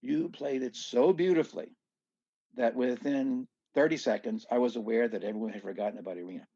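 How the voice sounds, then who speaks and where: A man from southeast Louisiana, a guest on a podcast, telling stories in an animated way with many restarts and asides. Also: mid-range voice, brisk, husky, dry recording, highs cut off. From southeast Louisiana, USA. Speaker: guest musician. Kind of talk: storytelling in a casual podcast chat.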